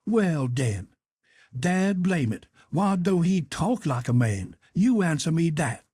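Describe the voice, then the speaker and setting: Storybook figure: a stubborn, folksy grown man, read by a man, husky and dry. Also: on the high side, big pitch swings, takes it slowly, warm tone, no room sound, voice pushed up, full character voice. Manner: dialect-heavy, insistent arguing.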